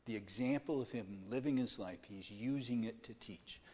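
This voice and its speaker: A man preaches at a mid pitch, speaking to his congregation as if chatting and pausing to ask whether they are following along. His voice rings out with a long reverb, as in a large church hall. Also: darkish tone, husky. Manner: checks in with listeners, plain-spoken retelling. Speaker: pastor. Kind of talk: conversational sermon.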